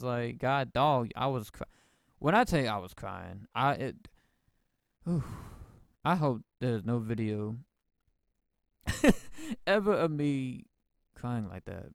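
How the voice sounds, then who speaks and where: Young male podcast host, gravelly but smooth voice, casual rambling storyteller. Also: mid-range voice, expressive, unhurried, no echo, clean studio sound. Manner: emotional, rambling, slangy with many restarts.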